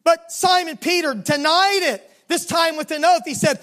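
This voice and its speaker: A preacher with a Southern American accent delivering a sermon, telling the story dramatically and slowing down and dropping low for emphasis. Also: a bit bright. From Southern United States.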